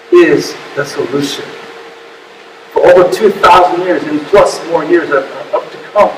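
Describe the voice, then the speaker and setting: High-voiced pastor preaching in an echoey hall. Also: male voice, distant mic, noisy background. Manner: emotional, swings from hushed to loud, repeats words. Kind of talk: sermon.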